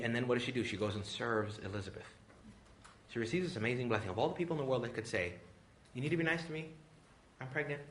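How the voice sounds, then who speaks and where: A male priest giving a retreat talk, joking and acting out quoted voices with big pitch jumps. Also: fairly bright tone. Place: retreat venue with a live audience.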